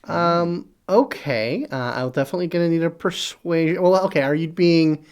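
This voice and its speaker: A man's voice: fairly high pitch, moderate pace, clean tone. A man running a tabletop game as game master, narrating hesitantly with many filler sounds.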